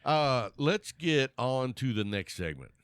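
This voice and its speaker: A man's voice: medium pitch, slow, clear, resonant tone, no room sound, clean studio sound. A man co-hosting a podcast, chatting casually and teasing his co-host. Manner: joking, teasing, animated. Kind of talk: casual chat. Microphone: podcast mic in a small studio shed.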